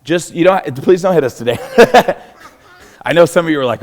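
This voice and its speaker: Young Texan man, martial arts instructor running a live class, cheerful and encouraging, voice a bit high. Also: expressive, normal speed. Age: young adult. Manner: upbeat, encouraging, laughs often. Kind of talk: live self-defense class. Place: church hall.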